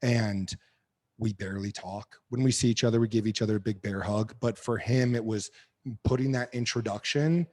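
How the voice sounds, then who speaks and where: A man in his thirties, a podcast guest, telling personal stories in a candid, animated way and swearing freely. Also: on the low side, moderate pace. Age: 30s. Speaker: podcast guest, knife maker. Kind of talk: casual interview chat.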